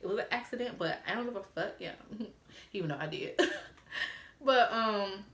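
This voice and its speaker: A woman in her twenties telling a story to camera, animated and profane, laughing as she acts out old text messages. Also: medium pitch, a little slow, reverberant. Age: 20s. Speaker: storytime vlogger.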